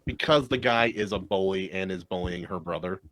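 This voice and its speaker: A man's voice: deep voice, brisk, a bit bright, no echo. A man co-hosting a casual book discussion, giving wry, sarcastic asides.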